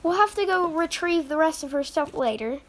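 A woman's voice: sits high, lively intonation, normal speed, slight background noise. A woman voicing a fussy, newly divorced mother in a toy role-play, chatty and sighing.

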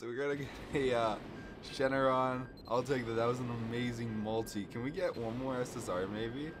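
A young man commenting on his mobile game summons, hyped and shouting when rare cards drop, a little out of breath. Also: mid-range voice, normal speed, a little hiss or hum. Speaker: gaming YouTuber. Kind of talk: excited gacha summon commentary.

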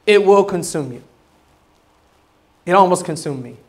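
A man preaching a sermon as pastor, casual with slang, acting out the voices he quotes and swinging from loud bursts to low asides. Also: animated, a little slow.

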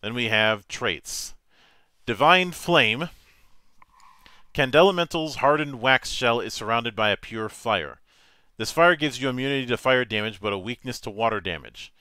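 Bright and forceful, a mid-range, smooth male voice reads tabletop game rules as game master, calm and matter-of-fact apart from a few slight stumbles. There's no echo; the sound is close and dry.

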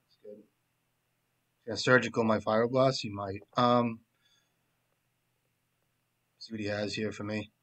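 A man giving casual, profane commentary while he plays a card game, joking around and often trailing off into low mumbles. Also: fairly even intonation, slow pace, long pauses, a bit bright.

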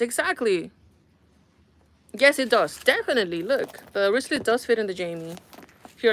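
Young woman, live-stream host, bit high-pitched, exasperated and chatty with viewers. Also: a little hiss or hum. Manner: exasperated, animated, talks to viewers. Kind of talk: casual live-stream chat.

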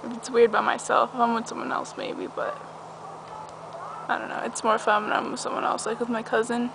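A woman's voice: a little high, little pitch movement, fairly quick, gravelly. Bubbly young woman vlogging outdoors. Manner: bubbly, rambling, giggly. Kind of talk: casual vlog chat. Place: outdoors on a backyard trampoline. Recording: noisy outdoor camcorder audio. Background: outdoor ambience with a dog barking.

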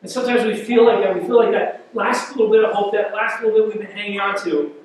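Speaking fast in a high-pitched voice with fairly even intonation, a man preaches a sermon as pastor. He tells a scripture story with vivid detail, repeating words to build intensity. The church hall is echoey and the mic is distant.

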